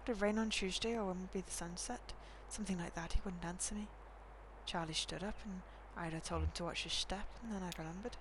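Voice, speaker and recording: A woman's voice: lowish voice, fairly even intonation, fast, a little hiss or hum, lightly acted, poor audio. A woman reading as a grieving old woman. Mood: wistful. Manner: soft, hushed, reflective reading. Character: grieving old woman remembering her lost son.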